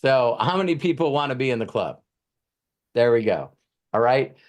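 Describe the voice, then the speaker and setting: A man hosting a group coaching session, an animated storyteller who acts out the quotes. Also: mid-range voice, moderate pace. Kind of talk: motivational group coaching talk.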